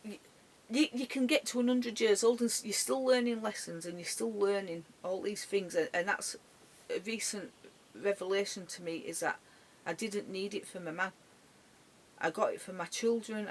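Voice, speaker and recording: A tearful woman recording a personal vlog from her caravan bedroom, speaking haltingly with many restarts and soft, trailing words. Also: a little high. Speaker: dog owner. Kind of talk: emotional personal vlog tribute.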